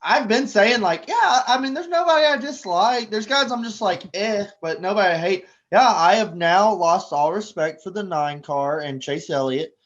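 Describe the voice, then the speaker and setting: A man's voice: high-pitched, expressive, moderate pace, hardly any pauses, a bit bright, lo-fi sound. A man guest in a casual podcast chat, telling stories animatedly and acting out crowd voices.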